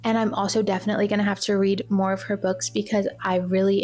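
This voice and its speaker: A woman's voice: medium pitch, level tone, fast, darkish tone. A young woman talking casually as a book vlogger, gushing and repeating herself with lots of fillers. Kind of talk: casual chat.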